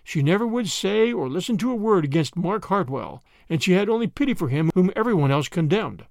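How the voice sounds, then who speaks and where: Expressive high-voiced male storyteller. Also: fairly quick, vocal fry, dry recording, clean studio sound. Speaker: narrator. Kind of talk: scripted storybook narration.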